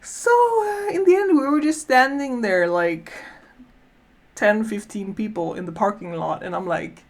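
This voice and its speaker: A woman vlogger telling a story casually to the camera from a studio, animated and laughing often as she talks. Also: mid-range voice, moderate pace.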